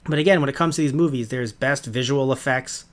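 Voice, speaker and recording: A man's voice: mid-range voice, quick pace. A man with a mid-range voice chats casually on a podcast. He rambles and restarts, with filler words and casual swearing. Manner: rambling, hesitant, profane. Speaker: podcast co-host. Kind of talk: casual review chat.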